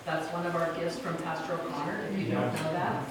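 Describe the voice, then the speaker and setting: A woman's voice: deep voice, steady tone, brisk, very noisy. Chatty woman teacher, far off in an echo. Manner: chatty and offhand, with asides. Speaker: classroom teacher. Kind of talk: informal talk to parents at an open house. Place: echoey room with a crowd. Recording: distant echoey recording with a crowd behind.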